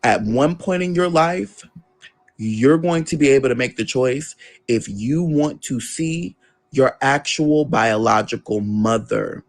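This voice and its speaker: A young man with an average-pitched voice tells a story from his own life in an interview. He is animated and conversational, and he swears freely. He slips into the voices of the people he quotes. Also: slow. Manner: swears casually. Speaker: guest.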